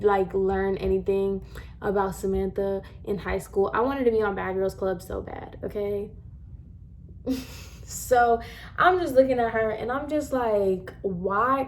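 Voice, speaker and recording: A woman in her twenties telling a casual story to camera, animated and emphatic as she acts out scenes. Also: medium pitch.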